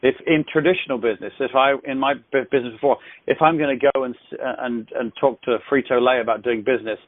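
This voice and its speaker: A man's voice: medium pitch, fairly even intonation, fast, no room sound. A man leading a sales accountability call on a headset, coaching with effusive praise and frequent restarts. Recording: tinny phone line, dry.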